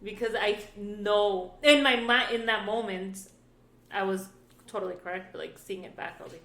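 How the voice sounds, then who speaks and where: A woman in her thirties co-hosting a podcast, telling stories with animated energy, swearing freely and switching between English and Spanish. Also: medium pitch, moderate pace. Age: 30s. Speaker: podcast co-host. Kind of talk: candid casual chat. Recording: roomy echo.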